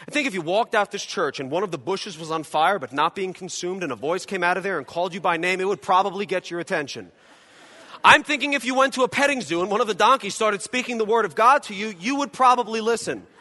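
A male pastor preaching a dramatic sermon in a church, acting out imagined voices and swinging between loud and quiet. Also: sits high, animated, quick pace, big-room sound. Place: church hall.

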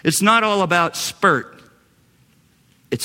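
A male pastor preaching a sermon with dynamic delivery, swinging from loud exclamations to hushed, low phrases. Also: expressive, a little slow. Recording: long reverb of a large hall.

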